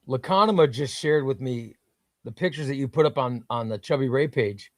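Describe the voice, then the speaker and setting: A man's voice: mid-range voice, normal speed, dry recording, studio quality. A man hosting a casual comics livestream, reading viewer comments in an enthusiastic, rambling way.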